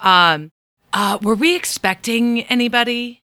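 A woman's voice: on the high side, unhurried, pushed and bright, no echo. A woman playing a tabletop game, teasing and cautious. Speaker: player. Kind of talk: tabletop role-play.

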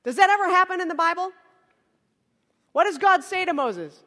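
High-voiced woman preaching in a reverberant hall. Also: lively intonation, moderate pace, bright, forceful tone. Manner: conversational and humorous, acts out dialogues. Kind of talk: sermon. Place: large worship hall.

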